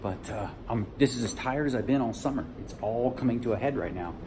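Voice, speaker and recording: A chatty man recording a casual vlog, speaking at a middle pitch in a loose, offhand way. He laughs often and calls his viewers "y'all." Steady ambient noise sits clearly behind him. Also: fairly quick. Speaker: poker player vlogging his tournament day.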